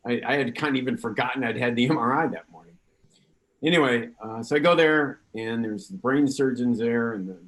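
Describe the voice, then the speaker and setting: An older man from California tells his story with energy, acting out what others said to him. His voice sits a little low. He speaks as a guest on a remote panel. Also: rough recording. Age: 60s. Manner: lively anecdotal storyteller, acts out quotes. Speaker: patient guest.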